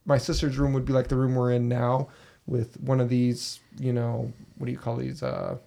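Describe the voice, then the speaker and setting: A man hosts a podcast from a basement room, with a gravelly, mid-pitched voice. He tells his story casually and with energy, acting out his own reactions with swearing along the way. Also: completely flat delivery, moderate pace, mellow. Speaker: podcast host.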